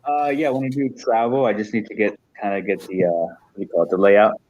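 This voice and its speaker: A man's voice: on the low side, lively intonation, fast, darkish tone, dull audio. A man joining a live-stream chat as a guest, laid-back and searching for words.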